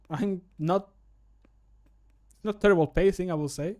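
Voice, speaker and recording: A man's voice: sits high, a little slow, a little mellow. Chatty man critiquing his own takes. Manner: chatty, self-critiquing, laughs often. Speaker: streamer and modder. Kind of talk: casual streamed commentary. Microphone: studio microphone.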